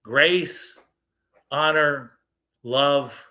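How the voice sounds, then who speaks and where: A middle-aged man from Texas telling personal stories in a casual, jokey way, speeding up for asides and slowing for reflective lines. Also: on the high side. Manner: animated, jokey, shifts between quick asides and slow reflective lines. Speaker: storyteller on a faith show. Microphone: video call.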